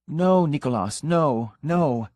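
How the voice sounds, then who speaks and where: A man's voice: a little high, expressive, takes it slowly, a little mellow, no room sound, pitched above the performer's own voice. A man voicing a flustered middle-aged missionary pastor whose voice rises and cracks when he protests. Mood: protesting.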